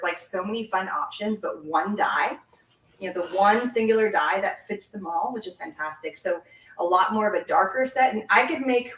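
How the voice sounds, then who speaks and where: Giggly, chatty Canadian-born craft host. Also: female voice, medium pitch, a bit bright. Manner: chatty, giggly, talks while working. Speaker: card-making host. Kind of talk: casual live craft demonstration. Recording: echoey room, mic set at a distance.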